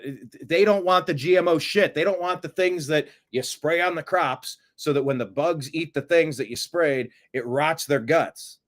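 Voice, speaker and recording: A man's voice: on the high side, normal speed, few pauses. A man hosting casual political commentary, sarcastic, and mocking his critics with put-on gasps and voices. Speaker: host.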